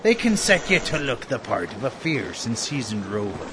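An actor playing a bossy old pirate bosun in a comedy radio ad, with a booming, theatrical sea-dog brogue. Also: male voice, sing-song, moderate pace, background noise, lightly acted. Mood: salesy.

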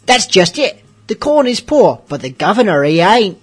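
A man doing a hammy, gruff tavern pirate. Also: sits high, very animated, moderate pace, faint music behind, full character voice. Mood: scheming. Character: rough-talking adult male pirates in a tavern. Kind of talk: comic book read aloud in character.

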